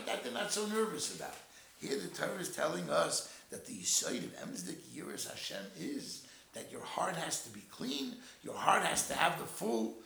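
A man giving an animated Torah class in English full of Hebrew and Yiddish terms, telling a story and explaining verses. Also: high-pitched, vocal fry, slight background noise. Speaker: Torah teacher. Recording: roomy echo.

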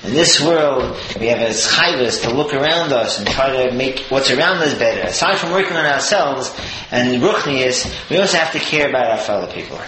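A man's voice: mid-range voice, moderate pace, hardly any pauses. A man giving an explanatory Torah talk, earnestly working through the verses phrase by phrase. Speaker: Torah teacher. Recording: echoey room with steady noise.

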